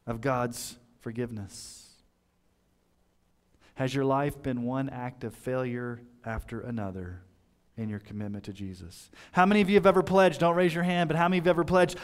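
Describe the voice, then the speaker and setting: A man preaching a sermon in church, earnest, swinging from loud fervent passages to soft, hushed lines. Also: medium pitch, normal speed. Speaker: pastor. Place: church sanctuary.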